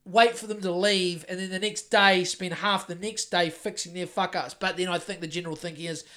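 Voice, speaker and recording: A Kiwi house painter and podcast co-host speaks fairly quickly in a high, sharp-toned voice with fairly even intonation. The conversation is casual, rambling, and sweary, with plenty of restarts.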